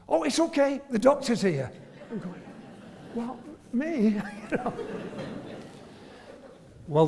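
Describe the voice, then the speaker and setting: A man's voice: sits high, darkish tone. A man, a retired family doctor telling self-deprecating, humorous stories to an audience. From northern England. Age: 70s. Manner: self-deprecating, storytelling, chuckles often. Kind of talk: humorous anecdotal speech to an audience. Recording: long reverb from a hall.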